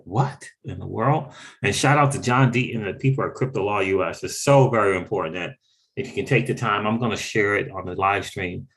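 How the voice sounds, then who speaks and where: A man hosting a casual livestream, animated and exclaiming, repeating phrases for emphasis and greeting viewers from the chat. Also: fairly low pitch. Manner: reads out and thanks chat viewers. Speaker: crypto livestream host.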